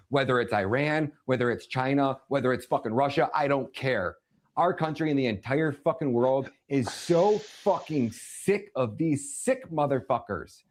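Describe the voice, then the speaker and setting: Furious foul-mouthed man ranting. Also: mid-range voice. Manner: furious, swearing constantly, shouting in bursts. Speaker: livestream host. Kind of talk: angry profane political rant.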